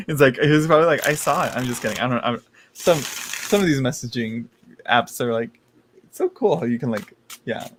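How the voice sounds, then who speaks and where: A man's voice: medium pitch, lively intonation, moderate pace, long pauses, slight background noise. A man doing a live tarot reading stream, chatty and campy, laughing often and calling viewers "girl". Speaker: tarot reader.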